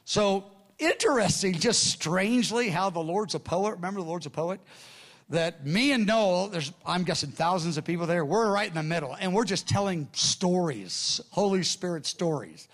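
Middle-aged man, preacher, lively sermon storytelling with voiced dialogue, slightly high-pitched. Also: normal speed. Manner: animated storyteller, acts out quoted dialogue.

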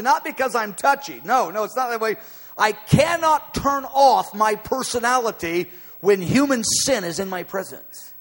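A man's voice: high-pitched, pitched above the performer's own voice, exaggerated voice. A man voicing God as a mighty male deity who is stern but caring, speaking with emphatic warnings. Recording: long hall reverb.

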